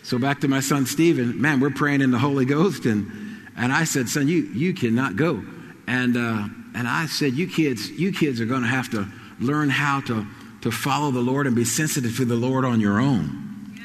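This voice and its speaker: Storytelling pastor in a reverberant hall. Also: male voice, medium pitch, normal speed, a little hiss or hum. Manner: storytelling, acts out quoted voices. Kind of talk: sermon.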